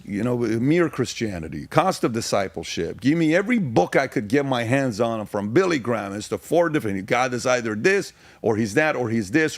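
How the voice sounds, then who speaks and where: A man in his forties from Iran, a podcast guest telling personal stories in an intense, emphatic way with rapid repeated phrases. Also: medium pitch, dry recording. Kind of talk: candid personal storytelling.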